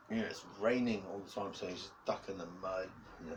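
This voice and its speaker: Kiwi guy rambling on his vlog, swears a ton, kinda low voice, mic way off with loud noise behind. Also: brisk, hardly any pauses. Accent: New Zealand. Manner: rambling, swears a lot, chuckles. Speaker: vlogger. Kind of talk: casual chat. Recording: distant mic with clear background noise.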